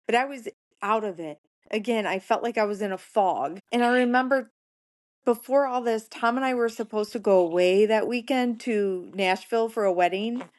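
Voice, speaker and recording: A woman's voice: a little high, normal speed, darkish tone. Earnest woman telling her own story. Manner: earnest, plainspoken, repeats phrases for emphasis. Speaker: podcast guest. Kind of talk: recounting a personal story in conversation.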